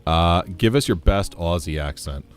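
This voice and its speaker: Laid-back low-voiced male streamer. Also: normal speed, clean tone, faint music behind. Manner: chatty, reads chat aloud, laughs often. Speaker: game streamer. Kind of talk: casual livestream chat.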